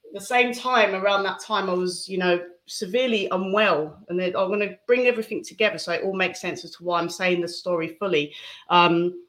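A woman appearing as an interview guest gives a personal testimony, speaking candidly and reflectively with soft laughs. Her voice is on the low side and steady in tone, and she talks a little fast.

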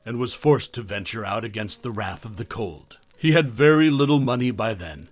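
A man narrates a horror story from a script, measured and dramatic. His voice sits at an ordinary middle pitch. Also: no room sound.

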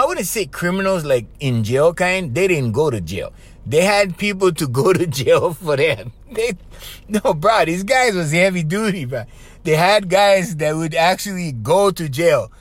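A man with a Hawaiian Pidgin accent, hosting a podcast as a casual, loose monologue full of "bro" and laughs. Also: fairly high pitch. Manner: chatty, loose, laughs often, says bro. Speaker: podcast host.

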